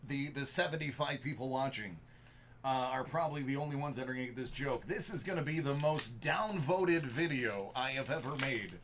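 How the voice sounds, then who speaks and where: A man's voice: medium pitch, animated, normal speed, a bit bright, a little hiss or hum. A middle-aged man hosting a live card-break stream, chatting casually and informally straight to his viewers.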